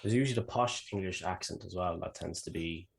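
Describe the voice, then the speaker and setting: A man's voice: low-pitched, fairly quick, gravelly, husky. A man co-hosting a casual podcast, laid-back and playful, laughing often. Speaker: podcast co-host. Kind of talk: casual chat.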